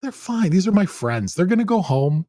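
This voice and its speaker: A man doing a calm, towering, laid-back man. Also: high voice, dry recording, studio quality, pitched above the performer's own voice. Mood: soothing. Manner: calm, soothing, unhurried.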